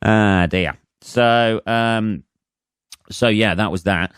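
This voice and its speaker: A man's voice: fairly low pitch, extremely slow, a bit bright, clear, resonant tone, no echo, clean studio sound. A man in his forties with an English accent, a comedian hosting his own podcast in a rambling, profane monologue full of fillers and restarts.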